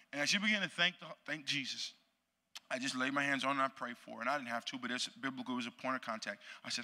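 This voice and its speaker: A man's voice: medium pitch, quick pace, sharp tone. A man in his thirties preaching an evening church sermon, moving between storytelling and fervent exhortation. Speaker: guest preacher. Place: church sanctuary. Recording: reverberant church sanctuary.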